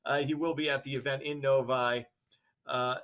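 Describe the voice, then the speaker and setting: A man reading news items and rambling into halting opinions on a casual show. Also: medium pitch, little pitch movement, a bit bright. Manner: rambling, halting, self-correcting. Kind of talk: news with commentary.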